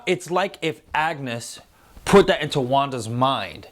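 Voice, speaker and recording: A man's voice: medium pitch, lively intonation, slow pace, fairly bright tone. A man in his thirties hosting a casual review show, talking loosely, swearing freely and acting out quotes in silly voices. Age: 30s. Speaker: host. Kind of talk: casual spoiler review chat.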